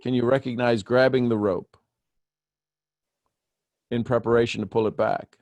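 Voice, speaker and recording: A man leads a group coaching session over a video call. His voice jumps up high when he gets animated and teases the group. The sound is dry and close, with no room around it. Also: normal speed, no room sound. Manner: animated, teasing, questioning step by step. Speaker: host coaching callers.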